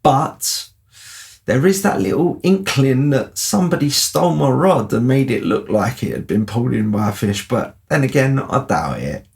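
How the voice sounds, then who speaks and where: A man's voice: mid-range voice, expressive, moderate pace, vocal fry. A man telling a casual, rambling anecdote, often asking "you know what I mean". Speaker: storyteller.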